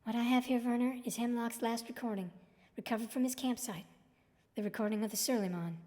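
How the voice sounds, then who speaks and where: An actress playing an earnest young woman answering questions quickly, recorded with long reverb. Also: a little high, fairly even intonation, warm tone, lightly acted.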